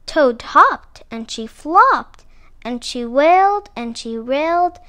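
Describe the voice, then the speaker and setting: A woman reading a children's picture book aloud in an expressive, sing-song way. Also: high-pitched, slow. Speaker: storyteller.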